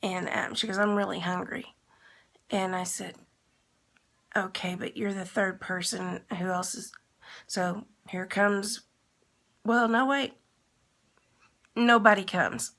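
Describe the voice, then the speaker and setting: A woman with a gravelly, creaky edge to a mid-pitched voice tells a rambling story to the camera. She acts out what everyone said as she goes along. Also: fairly even intonation, takes it slowly, long pauses, a bit bright. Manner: rambling, retells with quoted dialogue. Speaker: vlogger. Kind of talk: casual storytelling.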